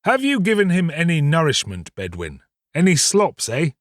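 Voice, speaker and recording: A man voicing a kindly but flustered old gentleman who covers his feelings with gruff fussing. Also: fairly high pitch, wildly swooping pitch, moderate pace, no echo, clean studio sound, pitched above the performer's own voice. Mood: brusque.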